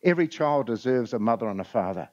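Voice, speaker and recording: A man's voice: medium pitch, lively intonation, quick pace, darkish tone. Man telling jokes from a conference stage. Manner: storytelling, with frequent "uh" fillers. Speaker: conference speaker. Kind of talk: motivational talk with jokes. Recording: lo-fi recording.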